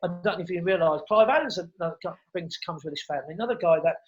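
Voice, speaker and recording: A middle-aged man, a comedian, telling stories in a casual interview, animated and quick to repeat words and act out what others said. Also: high voice. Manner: animated storyteller who acts out quotes and repeats words. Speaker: comedian guest. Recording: dull lo-fi sound.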